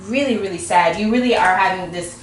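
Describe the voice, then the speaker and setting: A tarot reader gives a casual, chatty reading straight to her viewers, talking a little fast in a middle-pitched voice. The room is echoey, with a faint background hum.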